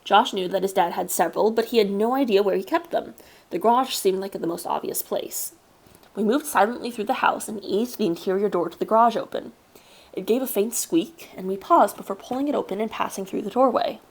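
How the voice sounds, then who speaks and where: A woman streamer reading a story aloud live, at a middling pitch for a woman. Her storytelling is steady and measured, and she breaks off now and then for a casual aside. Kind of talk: live read-aloud narration.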